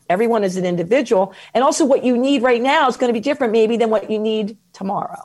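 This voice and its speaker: A woman, a guest on an interview podcast, giving advice on mindfulness in an expressive, animated way, slowing down to stress key points. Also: medium pitch. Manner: expressive, animated, slows down for emphasis.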